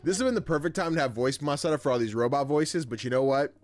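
A man's voice: fairly high pitch, fast talker, faint music behind. A young man giving casual, playful let's-play commentary, reading game text aloud and joking around. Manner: playful, chatty, frequent laughs, slangy. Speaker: gaming YouTuber.

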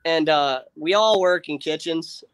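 A man's voice: a little high, unhurried, smooth, no echo. A man telling a long story in casual chat on a livestream, rambling with fillers and acting out his friends' lines. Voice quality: rambling, many fillers and restarts. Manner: animated, acts out friends' lines.

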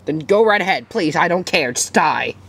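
A woman's voice: on the low side, expressive, moderate pace, vocal fry, fairly bright tone, husky, full character voice. A woman voicing a bossy, weary master of a deadly game in a fan-made puppet drama, talking curtly and coldly. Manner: curt, cold and bossy.

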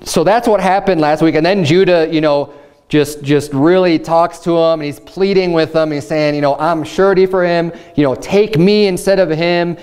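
Here the pastor's voice sits a little high and sounds a little mellow. His sermon is casual and talky, full of restarted sentences and repeated "you know"s as he teaches from the Bible.

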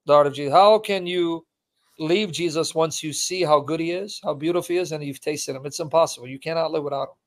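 Fervent man preaching on a livestream. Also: fairly high pitch. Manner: emphatic, repeats lines for stress. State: emotional, voice catching. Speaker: preacher hosting a live Q&A stream. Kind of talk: impassioned live-stream preaching.

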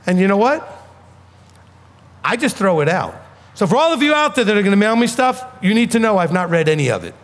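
Blunt New York rabbi preaching in a hall. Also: male voice, high-pitched, sing-song, brisk, pauses often. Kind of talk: sermon.

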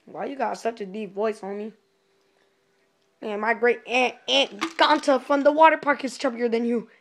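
A woman improvising a comedy role-play as a sassy fast-food cashier, taunting customers in sing-song greetings and low mutters. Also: steady tone, slight background noise.

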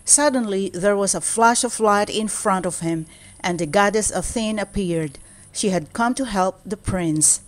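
A woman reading a children's storybook aloud in a steady, clear storytelling manner. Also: medium pitch, unhurried. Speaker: storybook reader.

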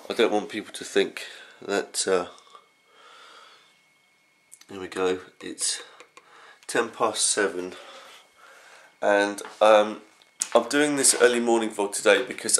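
A young man rambling through a casual early morning vlog at home, his voice groggy and croaky from just getting up. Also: fairly low pitch, a bit bright, slight background noise. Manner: rambling, scattered. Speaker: vlogger.

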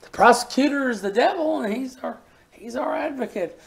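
A preacher delivering a folksy sermon and reading scripture aloud. The voice is gravelly, and words are often repeated when a point is pressed. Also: high-pitched, lively intonation, moderate pace.

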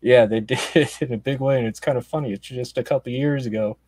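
A man from Michigan chats casually as a podcast co-host, relaxed and agreeable. His voice has an average pitch. The recording is dry and close. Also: quick pace, slightly rough, no echo. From Michigan, United States. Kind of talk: casual profane chat.

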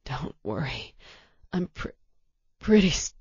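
A woman reading an audiobook voices a badly wounded man struggling to stay conscious, speaking in weak, breathless, halting words. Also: low voice, very animated, darkish tone, dry recording, muffled recording, voice pushed down, full character voice. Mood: weak, strained. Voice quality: husky and gravelly.

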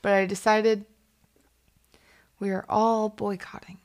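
A woman's voice: mid-range voice, measured pace. A woman streamer chatting casually on a livestream and laughing often. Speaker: Twitch streamer.

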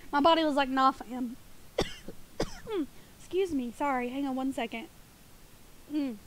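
A woman's voice: sits high, animated, slight background noise. A woman live-streaming a game from home, chatting playfully and giggling, a little sniffly and groggy. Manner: playful and giggly, quick asides. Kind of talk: casual live-stream chat.

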